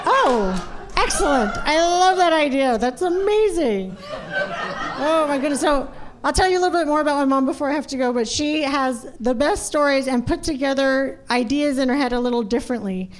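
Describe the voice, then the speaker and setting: A woman's voice: sits high, quick pace, noisy background. A woman doing a stand-up comedy set on a club stage, telling stories animatedly and imitating her family.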